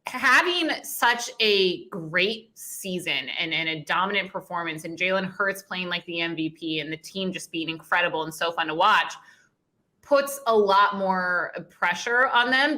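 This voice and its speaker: Chatty woman sports guest, bright voice. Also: fairly low pitch. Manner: chatty, apologetic, quick to laugh. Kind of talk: casual sports talk.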